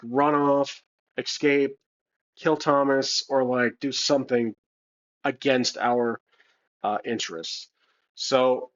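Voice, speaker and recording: A man narrating his solo tabletop adventure, thinking aloud with hesitations and restarts. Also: medium pitch. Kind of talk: casual solo role-play narration. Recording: slightly dull lo-fi sound.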